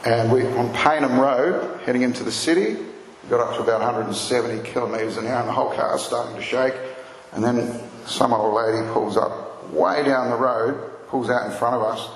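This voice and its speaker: A man's voice: mid-range voice, moderate pace. Male pastor, earnest sermon delivery, reverberant church hall with faint room noise. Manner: earnest storytelling, rising for emphasis. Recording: echoey hall with long reverb, faint ambience.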